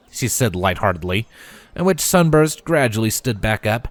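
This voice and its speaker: A man reading fanfiction aloud as narrator, in a lively storytelling manner. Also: lowish voice, normal speed, no room sound.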